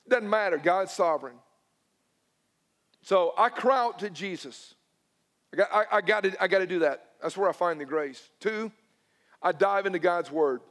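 A male pastor, preaching a sermon and swinging between loud emphatic lines and hushed, personal ones. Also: high-pitched, big-room sound. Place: church sanctuary.

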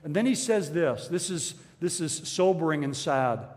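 Earnest preaching man, slightly high voice. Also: expressive, darkish tone, long reverb tail. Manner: earnest, measured preaching with repeated phrases. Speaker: pastor. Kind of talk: sermon.

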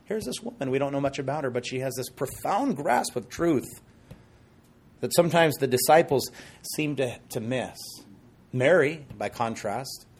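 A man preaching a sermon, retelling stories with animated delivery and joking asides. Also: medium pitch, moderate pace, breathy edge. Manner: animated storytelling with acted quotes and asides.

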